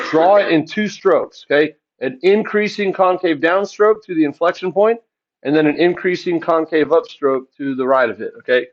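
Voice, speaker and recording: A man teaching a math lesson, asking the class questions and answering them himself in a relaxed, chatty way. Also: fairly high pitch, highs cut off. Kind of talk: classroom lecture.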